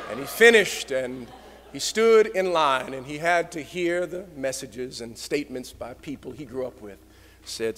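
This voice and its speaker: High, bright-voiced preacher lecturing in a hall. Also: male voice, animated, moderate pace, a little hiss or hum. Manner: dramatic preaching cadence, swinging from shouts to hushed tones. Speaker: pastor giving a lecture.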